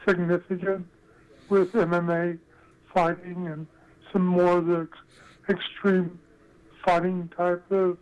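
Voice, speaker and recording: A man calling in to a radio show, slowly asking a halting question over the phone. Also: high-pitched, level tone. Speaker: caller. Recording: dull phone-in line.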